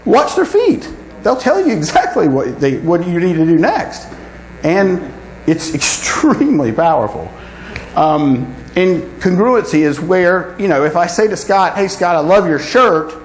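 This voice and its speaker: A man with a fairly high, lively voice gives a talk to a room full of people. He keeps checking in with "right?". The sound is echoey with a faint hum. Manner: animated, asks "right?" often. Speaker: conference speaker. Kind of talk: live talk to an audience. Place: conference room with audience.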